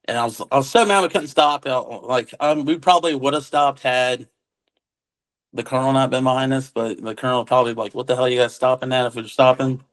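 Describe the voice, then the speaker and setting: A man, a witness, telling his story in a relaxed conversational way, acting out what others said and using casual military slang. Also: mid-range voice, brisk, rough recording. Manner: acts out quoted dialogue, relaxed military slang. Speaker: witness recounting an encounter.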